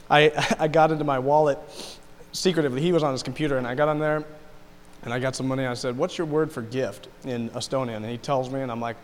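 A man recounting a trip to a group in a casual, rambling way with many restarts and laughs. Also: on the high side. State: tearful. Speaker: mission trip member. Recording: long hall reverb.

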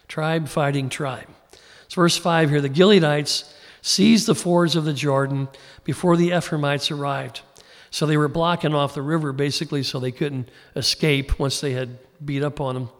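A man with a fairly high voice delivers a relaxed, folksy Bible teaching as a pastor. His sermon rings out with a long reverb from a large hall. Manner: folksy, informal, acts out quoted voices.

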